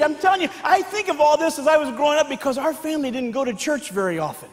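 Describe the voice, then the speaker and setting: A man performing stand-up comedy on stage, telling animated stories and acting out family members in loud, barked voices. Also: very high voice, fast talker, hardly any pauses. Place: large hall with live audience. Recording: echoey hall with faint background noise.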